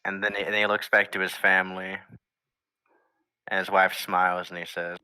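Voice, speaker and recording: A young man runs a tabletop game with a low, bright voice. He describes scenes in halting bursts, recorded dry and close. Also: level tone, smooth, dry recording. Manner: halting, restarts often while describing scenes. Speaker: game master.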